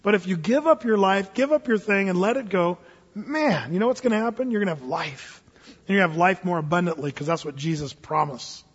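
A man preaching a lively, jokey sermon as pastor, acting out little scenes for his church. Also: high voice, brisk, husky. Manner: animated, jokey, acts out voices. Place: church hall. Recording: echoey hall, dull lo-fi sound.

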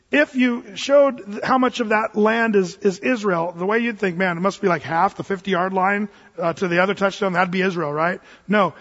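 Man, pastor, high voice, animated sermon storytelling, lo-fi, long hall echo. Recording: dull lo-fi sound in a reverberant hall.

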